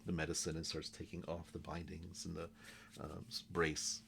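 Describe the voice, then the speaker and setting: A man narrating as game master in a tabletop game, halting and full of ums as he describes the scene. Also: low voice, level tone, vocal fry, a bit bright, a little hiss or hum. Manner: halting, with many pauses and ums.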